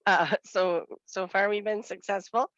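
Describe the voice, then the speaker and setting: A woman's voice: medium pitch, steady tone, a little slow, a bit bright, no room sound. A woman with a Western Wisconsin accent and a nasal, cold-congested voice, giving a chatty report to a meeting over a video call. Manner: chatty, laughs lightly between points. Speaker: nutrition educator. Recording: dull lo-fi video call audio.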